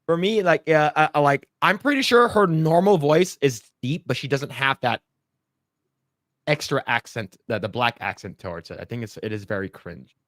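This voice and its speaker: A man hosting a podcast, talking in an animated, rambling way with many fillers. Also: a little high, moderate pace, no room sound, studio quality. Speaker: podcast host. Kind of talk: casual commentary.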